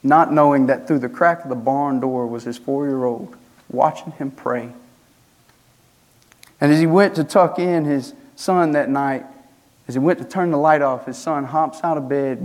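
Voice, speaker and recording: A young male student pastor preaching from the pulpit. His voice sits a little high for a man, and he drives his points home with strings of rhetorical questions and rising emphasis. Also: a little mellow. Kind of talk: sermon.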